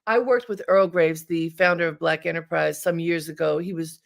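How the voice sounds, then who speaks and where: Gravelly-voiced woman hosting a radio show. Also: on the low side, fairly even intonation, normal speed. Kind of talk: conversational radio interview.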